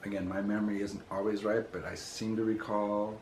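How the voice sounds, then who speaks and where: A man's voice: fairly low pitch, little pitch movement, a little fast, a little mellow, a little hiss or hum. A man in his forties being interviewed, thinking aloud as he searches his memory. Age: 40s. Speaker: interview guest. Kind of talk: casual reminiscing interview. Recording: roomy echo.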